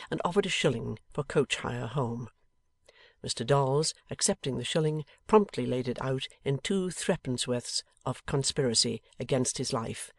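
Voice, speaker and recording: A man's voice: medium pitch, no room sound. Man reading a novel in a dry booth. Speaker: audiobook narrator. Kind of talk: scripted narration.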